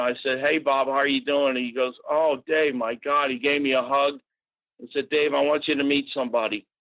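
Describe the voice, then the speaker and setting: A man in his sixties from Massachusetts, telling casual stories as a podcast guest, animated and quick to swear. His voice is bright and a little high. The sound is dry and slightly dull, recorded close in a small room. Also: no echo. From Natick, Massachusetts. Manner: animated, swearing storyteller with fillers. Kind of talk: casual storytelling.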